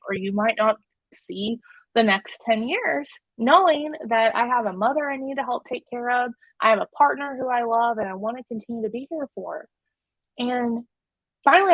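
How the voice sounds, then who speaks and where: A woman with a fairly high voice gives a candid, heartfelt personal talk to an online audience as a webinar presenter, restarting her sentences often. The web call audio is dry and muffled, with no room sound.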